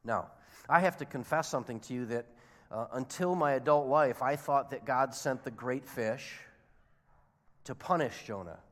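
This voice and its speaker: A man's voice: mid-range voice, normal speed. A man preaching a sermon, telling the story expressively and acting out the characters' lines. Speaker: pastor. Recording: long hall reverb.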